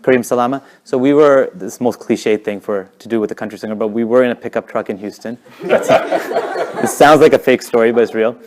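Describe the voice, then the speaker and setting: A man in the middle of a casual talk, telling stories at a quick, animated pace. His voice sits at an ordinary middle pitch. Now and then he falls to a near whisper to make a point. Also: a little hiss or hum. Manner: fast-talking, animated, drops to whispers for effect. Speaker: guest speaker.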